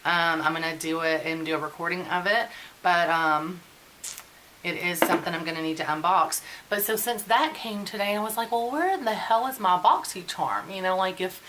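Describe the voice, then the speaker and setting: A woman's voice: fairly low pitch, level tone, normal speed, bright, forceful tone, a little hiss or hum, rough recording. A woman in her forties chatting casually and venting while doing a get-ready-with-me beauty vlog. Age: 40s. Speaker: beauty vlogger.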